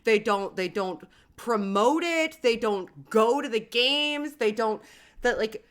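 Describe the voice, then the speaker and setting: A Canadian woman in her thirties or forties hosting a casual livestream over a video call, animated, swearing freely and laughing often. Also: fairly high pitch, slow. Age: 30s or 40s. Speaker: host.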